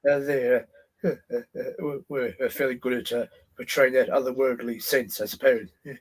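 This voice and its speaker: A man's voice: mid-range voice, fairly even intonation, moderate pace, husky. A man guest artist chatting on a livestream, hesitant with many "uh"s and polite, formal phrasing. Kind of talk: casual chat on a livestream.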